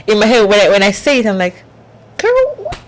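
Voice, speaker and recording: A woman's voice: mid-range voice, very fast, a little hiss or hum. A woman in a casual faith conversation, telling earnest stories and acting out the dialogue in them. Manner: earnest, animated storyteller who acts out dialogue. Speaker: podcast guest.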